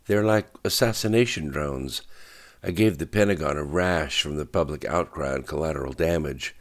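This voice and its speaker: A blunt, fiery young woman reporter, put on by a male audiobook narrator, firing off probing questions. The voice is lifted well above his own very deep register, yet stays low for a woman. She pushes hard and snaps back quickly. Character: sharp-tongued woman reporter, young adult.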